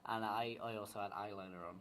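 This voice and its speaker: A man's voice: fairly low pitch, fairly even intonation, quick pace, a bit bright, low-quality recording. Young guy rambling on a podcast, swears a lot, bit of hiss behind. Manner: chatty, swears, laughs easily. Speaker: podcast co-host. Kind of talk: casual chat. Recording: faint background noise.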